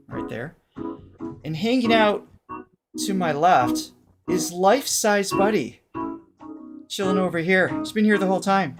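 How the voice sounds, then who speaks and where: Upbeat man coaching voices. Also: on the high side. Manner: animated, explanatory, laughs often. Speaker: vocal coach and show host. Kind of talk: casual reaction chat and explanation.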